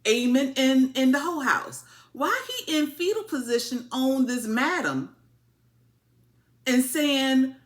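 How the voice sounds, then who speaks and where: A woman's voice: a little high, moderate pace. A woman giving a casual, sassy TV episode review, full of repeated words and playful asides. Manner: sassy, animated, repetitive asides. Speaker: TV recap reviewer.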